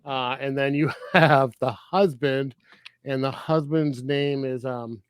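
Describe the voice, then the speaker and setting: A man co-hosting a casual film review podcast, animated, laughing often and swearing freely. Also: medium pitch, takes it slowly, smooth, no room sound, clean studio sound. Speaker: podcast co-host.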